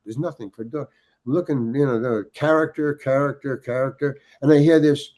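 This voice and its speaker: An older man telling a story on a podcast, his speech full of stops and restarts. He slips into the voices of the people in his tale. His pitch sits in a middling range for a man. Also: warm tone. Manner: halting, many restarts, acts out quoted dialogue. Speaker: guest storyteller. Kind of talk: casual anecdote telling.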